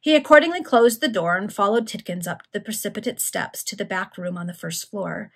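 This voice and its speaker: A woman reading an old novel aloud in an informal session, stopping now and then to react to the story. Her voice is husky and breathy, at a middle pitch. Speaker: reader.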